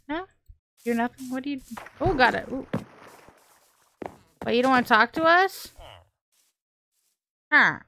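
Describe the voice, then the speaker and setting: A woman hosting a gaming channel, chatting casually and excitably through gameplay, often squealing and laughing. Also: high voice, measured pace, long pauses.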